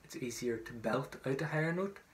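A man's voice: mid-range voice, animated, fairly quick, slight background noise. A man teaching traditional singing, giving encouraging, instructive directions between sung lines and counting the learners in. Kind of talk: sung lesson with spoken instructions.

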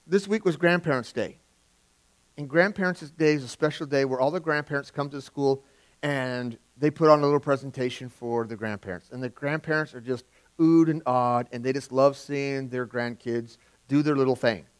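A middle-aged male pastor preaching a sermon in a conversational way, swinging from loud emphasis to quiet asides. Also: mid-range voice, normal speed, clear, resonant tone. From California.

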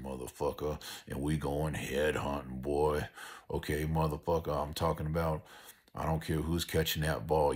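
A man's voice: a bass voice, breathy edge. An older man delivering a profane, aggressive motivational rant as a sports fan vlogger.

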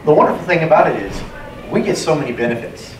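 Male pastor, emphatic sermon, repeats phrases, high voice, distant mic, faint room ambience. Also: expressive, quick pace, reverberant, a little hiss or hum. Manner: emphatic, repeats key phrases and calls for amens. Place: church sanctuary.

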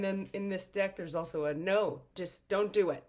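Woman spiritual teacher, low voice, sleepy and breathy, chatty and animated card reading. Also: moderate pace, few pauses. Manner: chatty and animated, with many fillers. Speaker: spiritual teacher and energy healer. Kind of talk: casual tarot card reading to camera.

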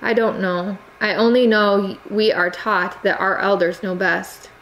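A reserved young immigrant girl, torn between feelings and family duty, speaking quietly in halting, careful phrases. A woman voices her in a storybook reading. Her voice sits at a medium pitch with a faint hum of background noise. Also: steady tone, low-quality recording. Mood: restrained. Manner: quiet, halting non-native phrasing, restrained.

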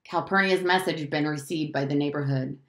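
A woman teacher reading a novel aloud to her class, in an expressive storytelling manner. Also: low-pitched, fairly quick, roomy sound.

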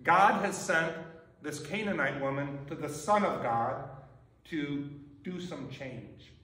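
A man's voice: a little high, takes it slowly, bright, forceful tone, distant mic. Conversational male pastor in an echoey church. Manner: conversational, often asks "right?". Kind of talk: sermon. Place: church sanctuary.

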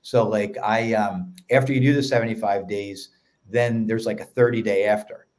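A man with a Philadelphia accent, a podcast guest telling stories in an energetic, casual way. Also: fairly low pitch. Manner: energetic storyteller, quick run-on sentences. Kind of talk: casual chat.

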